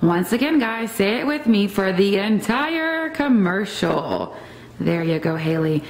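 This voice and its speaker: A woman's voice: medium pitch, very animated, measured pace, heavy reverb, distant mic, poor audio. A woman presenting a fitness segment, coaching viewers through exercises in an upbeat instructional way and calling out reps. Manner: upbeat instructional, says "y'all" and "all right?". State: a little out of breath. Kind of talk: demonstrating a workout on a TV show.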